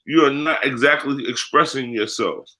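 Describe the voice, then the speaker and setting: A guest on a candid interview, this spiritual priest from the United States uses heavy profanity and street slang in blunt speech. His medium-pitched voice is bright with a forceful tone, moving at a moderate pace.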